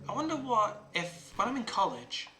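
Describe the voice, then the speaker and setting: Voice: mid-range voice, wildly swooping pitch, moderate pace, bright, forceful tone, slight background noise, pitched above the performer's own voice. A streamer reading aloud the lines of an affectionate teenage girl club president from a visual novel, in a plain half-amused delivery. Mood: tender. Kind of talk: reading game dialogue aloud. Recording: roomy with game music behind.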